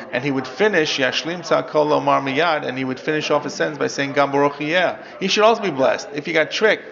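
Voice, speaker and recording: A man with a gravelly, creaky voice teaches a roomful of students, reading out Hebrew lines and translating them as he goes. The recording is dull and lo-fi, with the chatter of the class clearly heard behind him. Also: on the high side. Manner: explains step by step, reads Hebrew then translates. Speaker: rabbi teaching a text class. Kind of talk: classroom Torah lesson.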